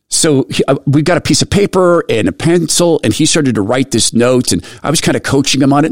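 Lively male radio host telling a story. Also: fairly high pitch, fairly quick, hardly any pauses, no room sound, clean studio sound. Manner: animated retelling with repeated restarts. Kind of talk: storytelling monologue.

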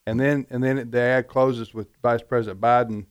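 A man's voice: medium pitch, fairly even intonation, normal speed, smooth. A man co-hosting a talk radio show, speaking emphatically and repeating words as he presses his point. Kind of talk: conservative talk radio discussion.

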